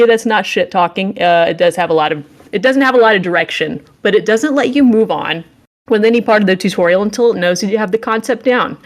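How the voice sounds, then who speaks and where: Playful woman recapping a game, slightly low voice. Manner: playful, sarcastic, acts out dialogue in character. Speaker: podcast co-host reviewing games. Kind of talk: casual comedic game recap.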